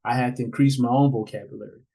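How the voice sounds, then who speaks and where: Animated man telling stories as a guest. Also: mid-range voice, fast, vocal fry, slightly rough, low-quality recording. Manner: animated, laughs often, acts out quoted voices. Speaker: podcast guest, author and father. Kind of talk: conversational storytelling.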